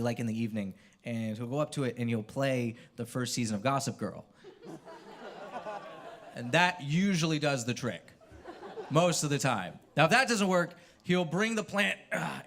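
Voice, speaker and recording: A young man from California doing a stand-up comedy set on a university theater stage, telling loose, profane stories and breaking into shouted impressions. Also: fairly high pitch.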